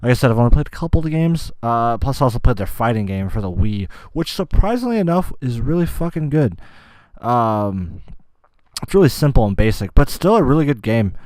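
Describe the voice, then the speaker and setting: A man's voice: medium pitch, very animated, a little fast, darkish tone, no echo. A man hosting a casual solo gaming podcast, rambling, swearing often and losing his train of thought. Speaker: podcast host.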